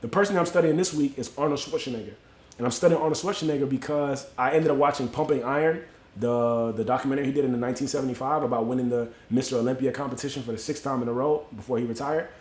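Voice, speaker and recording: A Miami man hosting a livestream tells a motivational story in loose, slangy street talk, greeting viewers by name along the way. He speaks fast in a mid-range, darkish voice, and the sound is reverberant.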